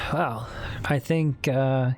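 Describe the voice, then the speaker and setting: A man chatting loosely with viewers on a live stream, his pitch sitting in an ordinary middle range. He rambles from one thought to the next in a candid tone and swears casually. Soft music plays faintly underneath. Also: extremely slow. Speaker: streamer talking with chat.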